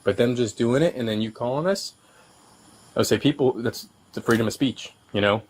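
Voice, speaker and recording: A man working as a police officer, patiently explaining things to a resident with many halting restarts, recorded on his bodycam. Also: mid-range voice. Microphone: his own bodycam.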